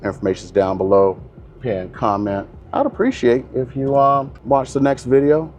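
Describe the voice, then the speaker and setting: A man's voice: mid-range voice, lively intonation, normal speed, darkish tone, slight background noise. Blunt middle-aged man ranting. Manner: blunt, opinionated, rambling. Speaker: real estate agent and channel host. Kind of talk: casual monologue to camera. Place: in a car.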